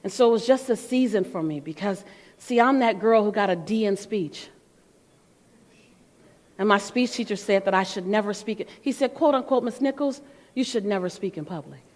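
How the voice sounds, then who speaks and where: A middle-aged woman giving an animated motivational talk to a live audience, playful and calling out to the crowd. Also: medium pitch, moderate pace. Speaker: motivational speaker. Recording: long hall reverb.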